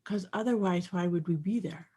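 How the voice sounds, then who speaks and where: A woman co-hosting a podcast in casual chat, speaking reflectively and pausing to find her words. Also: fairly low pitch, mellow, breathy edge. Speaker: podcast co-host.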